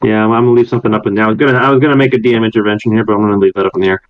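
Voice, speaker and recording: A man narrating as game master of a tabletop game, with quick, rambling asides. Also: on the low side, steady tone, muffled recording.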